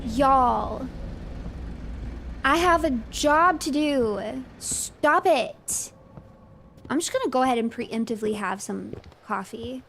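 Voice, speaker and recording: A woman streamer reacts to a horror game in an animated, exasperated way, reading its dialogue aloud. Her voice sits fairly high, and faint background noise runs under it. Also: slow, creaky. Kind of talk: live game commentary.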